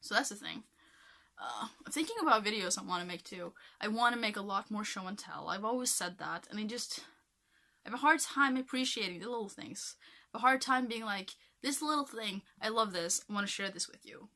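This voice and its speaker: Young norwegian woman rambling to her camera, bright voice, lots of likes and ums. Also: medium pitch, animated, brisk. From Norway. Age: young adult. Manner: chatty, rambling, frequent fillers. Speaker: vlogger. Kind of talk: casual chat to camera.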